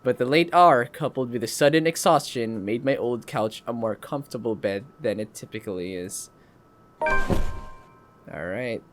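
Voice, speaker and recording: A man's voice: mid-range voice, normal speed, soft background music. A man hosting a let's play, reading a story game aloud and breaking off for joking comments.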